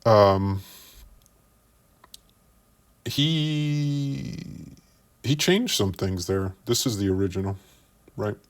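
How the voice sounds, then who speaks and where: A man's voice: on the low side, lively intonation. A man giving investigative commentary, explaining screenshots step by step and often repeating words as he builds a point. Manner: measured, explains by walking through screenshots. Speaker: commentary youtuber.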